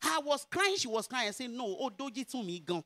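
Animated Nigerian woman pastor preaching. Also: a little high, brisk, dry recording, clean studio sound. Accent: Nigerian (Yoruba). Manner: animated, rising to emphatic preaching. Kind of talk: sermon with personal testimony.

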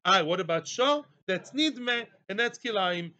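A man teaching a daily Talmud class in mixed with Hebrew and Aramaic terms, with a lively, joking way of explaining. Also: high-pitched, unhurried.

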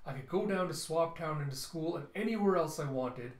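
A man's voice: on the high side, expressive, fairly quick, pitched above the performer's own voice, natural voice. A man voicing a restless, defiant teenage girl in a comic readthrough, echoey room. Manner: pleading then defiant, raised voice.

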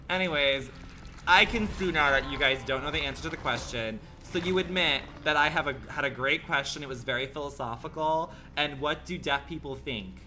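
Sassy man, campy livestream chat, bright forceful voice, lots of swearing. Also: a little high, moderate pace, slight background noise. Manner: rambling rhetorical questions. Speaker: gaming livestreamer. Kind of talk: casual stream chat.

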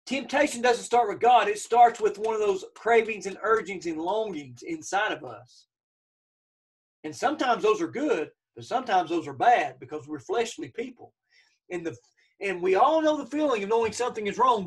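A man's voice: sits high, lively intonation, moderate pace, distant mic. A man teaching a church Bible study lesson, emphatic, repeating key phrases and checking in with his listeners.

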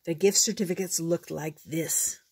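An older woman gently reading a children's storybook aloud in a measured, unhurried way. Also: fairly low pitch, fairly even intonation, husky.

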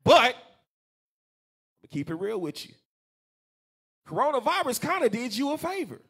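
A man preaching a scripture class, animated and colloquial, repeating words for emphasis. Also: extremely high pitch, a little slow, breathy edge. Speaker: teacher of a congregation class.

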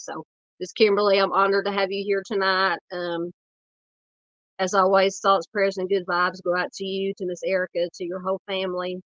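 Woman, Southern accent, nasal scratchy cold voice, earnest halting host, dry dull lo-fi audio. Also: on the low side, dry recording. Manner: earnest, halting, many fillers, greets chat by name. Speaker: true crime livestream host. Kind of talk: casual livestream talk.

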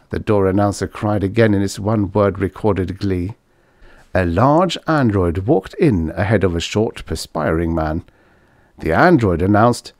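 Guy reading a story out loud, lowish voice, super animated, dry close sound. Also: measured pace, no echo. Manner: expressive, lively storytelling. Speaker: audiobook narrator. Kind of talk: scripted narration.

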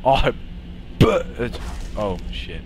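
A man's voice: medium pitch, huge pitch swings, takes it slowly, a little hiss or hum. Cocky young man streaming a game. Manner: cocky, boastful, swearing banter. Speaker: live streamer. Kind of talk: live gameplay commentary.

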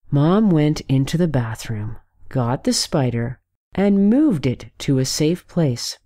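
Storyteller: woman, lower voice, slow, expressive children's read-aloud.

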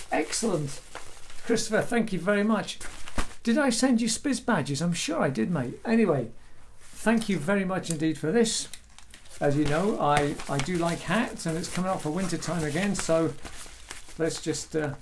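A middle-aged man with a fairly high voice chats cheerfully to his viewers, cracking small jokes and calling them mate. It sounds like a casual home vlog caught on a camera microphone. A faint hiss of noise sits underneath. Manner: chatty, cheerful, jokey, addresses viewers as mates. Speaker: vlogger.

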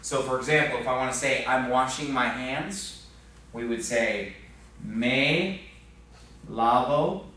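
A man's voice: mid-range voice, fairly even intonation, moderate pace, bright, forceful tone. A man teaching a Spanish class, explaining patiently and asking the class questions, with a frequent "okay?". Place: church classroom. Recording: very echoey classroom recorded from far off.

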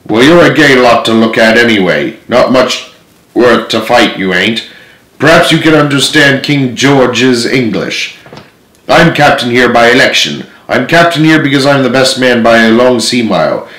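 A man's voice: mid-range voice, lively intonation, moderate pace, fairly bright tone, roomy sound, lightly acted, rough recording. A man doing a blustering old pirate cook. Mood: scornful. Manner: blustering sea-dog growl with pirate oaths. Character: old one-legged pirate cook, cunning and menacing. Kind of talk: storybook read-aloud acting.

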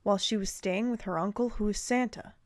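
A woman's voice: mid-range voice, a little fast, no echo, studio quality, lightly acted. A woman reading the lines of Jake, a bewildered, relieved father, in a mumbling, stunned voice.

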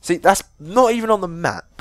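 A man's voice: high voice, lively intonation, moderate pace, no echo. Panicky swearing gamer man. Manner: swears a lot, panicky outbursts. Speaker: gameplay commentator. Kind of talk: let's play commentary.

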